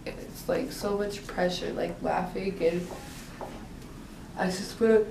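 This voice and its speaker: A young woman talks casually through a blocked, congested nose, sounding whiny and worn down by her cold. She is caught by a camera a few steps away, so her voice carries a roomy echo and a faint hiss of background noise. Her pitch sits in a middle range. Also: level tone, takes it slowly, distant mic. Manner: whiny, talks about feeling sick. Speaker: vlogger's girlfriend. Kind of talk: casual chat.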